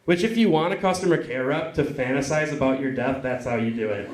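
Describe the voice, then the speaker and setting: A man performing a stand-up comedy set on a club stage, cursing and acting out callers in quick voices. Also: mid-range voice. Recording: echoey club with crowd. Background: audience laughing.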